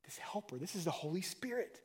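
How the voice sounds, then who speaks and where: Animated preacher man, slightly high voice. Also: a little fast, breathy edge. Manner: animated, conversational preaching with dramatic swings in loudness. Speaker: pastor. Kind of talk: sermon.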